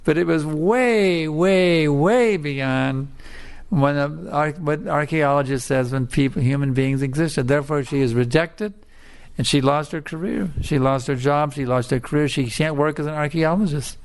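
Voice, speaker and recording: A man's voice: fairly high pitch, moderate pace. A man preaching a scripture lecture in a storytelling manner, repeating his points with emphasis.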